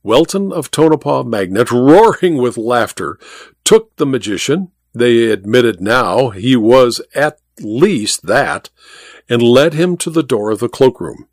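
Animated male audiobook narrator. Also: medium pitch, measured pace, no room sound, clean studio sound.

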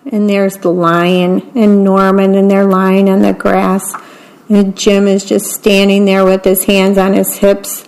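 A woman reading a picture book aloud, describing each picture in a gentle, deliberate way. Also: medium pitch, monotone, rough recording. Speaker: storybook reader.

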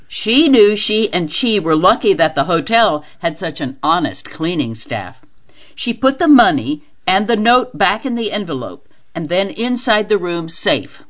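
A woman volunteer reads a novel aloud in a steady, expressive manner. Her voice sits low but moves with lively pitch. The audio is dull and lo-fi, like a radio reading.

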